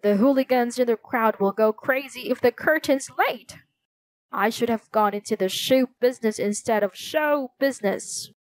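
A woman's voice: fairly high pitch, moderate pace, no room sound, natural voice. A woman voicing a frantic, fussy middle-aged male theater manager who wails and panics. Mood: wailing. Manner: panicky, wailing, dramatic.

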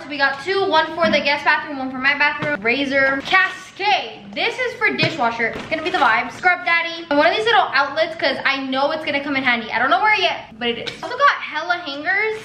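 A woman's voice: high voice, bright, forceful tone. An eighteen-year-old woman vlogging from her new apartment, car and stores, chatting casually with lots of slang and swearing. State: tired. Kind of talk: casual vlog chat. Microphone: handheld camera. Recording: echoey rooms with background noise.

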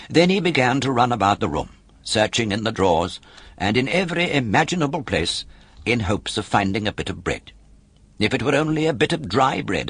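Male audiobook narrator, expressive storyteller, low and husky with a lively pitch range. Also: no echo.

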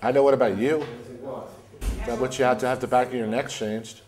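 A man's voice: mid-range voice, fairly even intonation, brisk, darkish tone. An American musician, a man, talking casually and swearing in an interview.

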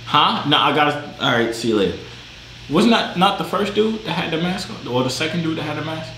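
Animated joking man on a video chat. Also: a little high, brisk. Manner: loud, animated, joking, slangy. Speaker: vlogger chatting with strangers online. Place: gaming room with sound panels. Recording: echoey room, faint background noise.

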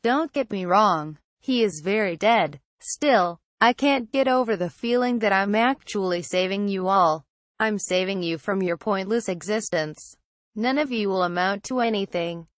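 A woman's voice: mid-range voice, measured pace, dry recording, lightly acted. A woman reading a gloating madman villain. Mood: smug. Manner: gloating, taunting. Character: smug deranged male villain uncle.

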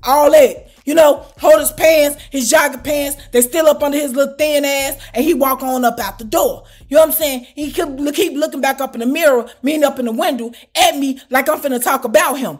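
A woman telling a storytime vlog story in a casual, animated and profane way, often asking her listener whether they follow. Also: sits high, fairly quick, hardly any pauses, faint music behind. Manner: animated, profane, keeps asking "you know what I'm saying?". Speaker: storytime vlogger.

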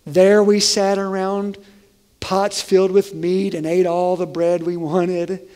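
A man's voice: sits high, little pitch movement, slow, a little mellow, clear, resonant tone, big-room sound. A man preaching plays a complaining ancient Israelite, moaning about hunger in the wilderness. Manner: whiny, moaning.

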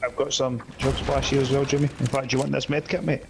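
A man's voice: medium pitch, level tone, fast talker. A man chatting casually and swearing with friends while playing an online game, teasing them as he hands out gear. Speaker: squad player. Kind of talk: casual gaming voice chat. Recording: clear background noise.

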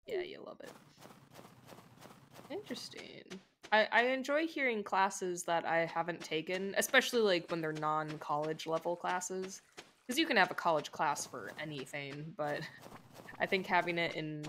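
A young woman streamer chatting casually with viewers while playing, rambling with lots of "like" and quick laughs. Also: fairly low pitch, fairly bright tone, a little hiss or hum. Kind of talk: casual gameplay chat with viewers.

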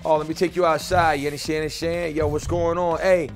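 A man hosting a gameplay video, brash and profane, joking and bursting into shouts. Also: a little high, level tone, quick pace, soft background music. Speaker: gaming video host. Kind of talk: casual gameplay commentary.

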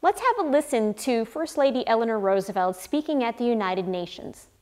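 A woman linguist giving a clear, measured educational explanation. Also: on the high side, animated, darkish tone.

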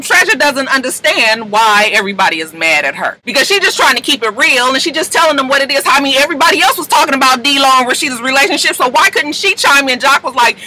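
A young woman tells the story of a reality episode in a loose, sassy way, full of swearing. Her high, bright voice swoops up and down a lot as she quotes people. There is faint noise behind her. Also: expressive, quick pace, few pauses, rough recording. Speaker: reality TV recap vlogger. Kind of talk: casual recap commentary.

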